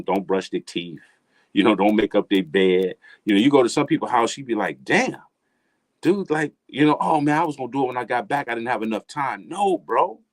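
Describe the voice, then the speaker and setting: Speaking in a lowish voice on a dry recording, a middle-aged man appears as a guest in a casual motivational talk. He hands out emphatic, preachy advice in street slang, repeating phrases for effect.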